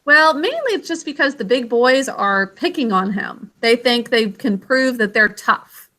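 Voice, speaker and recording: In a classroom vocabulary and spelling lesson, a woman teacher with a bright, slightly high, expressive voice spells words out syllable by syllable. She patiently sounds out each syllable slowly and clearly, asking students questions and calling on them by name.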